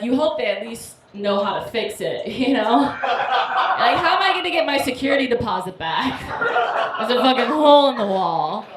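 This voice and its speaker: Brash woman doing stand-up, echoey bar. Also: on the high side. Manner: brash, deadpan punchlines with laughing asides. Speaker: stand-up comedian. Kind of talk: stand-up set. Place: live comedy show in a tavern. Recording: echoey bar room with loud noise.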